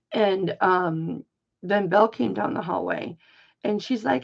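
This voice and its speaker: A woman's voice: medium pitch, unhurried, creaky. An older woman telling a rambling personal story in a chatty, casual way, full of asides, on dull lo-fi audio. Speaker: live auction host.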